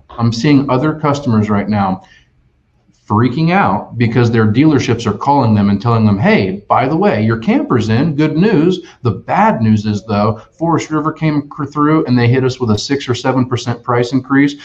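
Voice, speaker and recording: A man talking as a sales expert on a webinar, energetic and full of restarts and "right?" tags. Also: mid-range voice, moderate pace. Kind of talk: conversational webinar talk. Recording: dull lo-fi online webinar audio.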